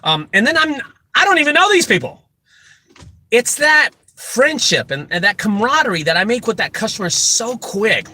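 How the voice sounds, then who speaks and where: A man who runs a junk removal business, telling animated, joking stories full of asides as he gives casual advice. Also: high-pitched, moderate pace, slight background noise. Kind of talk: casual storytelling advice talk.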